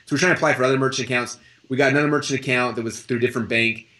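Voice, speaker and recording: A man speaking quickly as an interview guest, his voice sitting at a medium pitch. He tells his story casually and animatedly, acting out the quoted lines of other people as he goes, with lots of "like" and "I'm like" fillers. The delivery is rapid and conversational. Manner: animated, acts out quoted dialogue in his stories.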